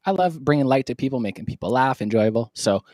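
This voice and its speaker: A man hosting a live stream from his home studio, chatting in an energetic, joking way. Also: medium pitch, dry recording. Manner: energetic, joking, talks fast. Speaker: live stream host and producer. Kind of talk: casual live stream chat.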